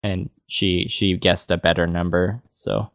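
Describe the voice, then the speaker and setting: Laid-back man, deep voice, dry close sound, rambly podcast chatter. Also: unhurried, no echo. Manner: relaxed, rambling, laughs often. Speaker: podcast co-host. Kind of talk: casual chat.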